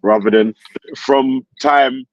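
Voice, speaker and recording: A man on a casual podcast, relaxed and slangy. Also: medium pitch, slow pace, dry recording, muffled recording. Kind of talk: casual group chat.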